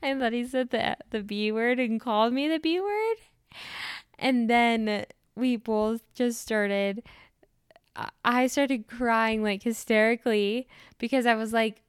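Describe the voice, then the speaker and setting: A woman's voice: a little high, a little slow, clean tone, dry recording, studio quality. A young woman hosting a podcast, telling a story in a chatty way full of "like" fillers. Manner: chatty, many "like" fillers, laughs through story. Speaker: podcast host. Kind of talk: casual storytelling chat.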